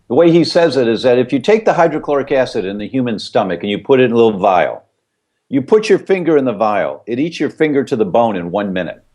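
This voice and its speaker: A man's voice: medium pitch, big pitch swings, fast talker, darkish tone. Middle-aged guy guest explaining stuff on a podcast, really emphatic, voice goes up and down a lot. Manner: emphatic, repeats key points with vivid analogies. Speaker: guest expert.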